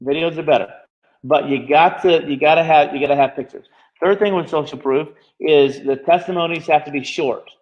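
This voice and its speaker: Fast-talking male marketing instructor. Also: a little high, lo-fi sound. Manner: fast-talking, constantly checking in with "okay?". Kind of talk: live online class teaching.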